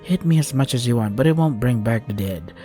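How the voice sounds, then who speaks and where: A man's voice: medium pitch, lively intonation, brisk, dark tone, soft background music, natural voice. A man reading as a smug, cruel sorceress. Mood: cold.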